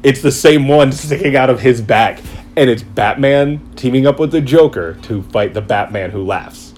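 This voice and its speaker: A man chatting casually, retelling a story in an excited, rambling way and acting out quotes. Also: medium pitch, normal speed, faint music behind. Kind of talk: casual chat.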